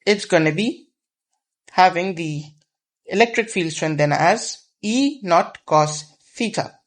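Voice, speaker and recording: A man's voice: sits high, expressive, slow. A man teaching a whiteboard physics lesson, explaining patiently step by step and repeating key terms.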